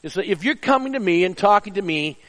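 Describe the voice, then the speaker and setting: A middle-aged man preaching a sermon with earnest emphasis, dropping soft and low for personal stories. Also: lively intonation, fast talker, long reverb tail, rough recording. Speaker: pastor.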